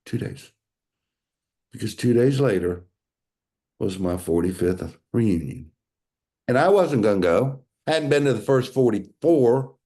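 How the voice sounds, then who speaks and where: A man's voice: mid-range voice, expressive, measured pace, pauses often, warm tone. A man, earnestly telling his own story to an audience and calling them y'all. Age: 60s. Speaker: speaker sharing a health testimonial. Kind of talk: personal testimony to an audience.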